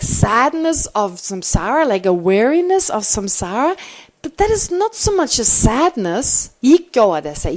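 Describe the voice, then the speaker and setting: In a teaching, a middle-aged woman who is a Buddhist teacher answers questions, thinking aloud with animated restarts. Her voice is a little high.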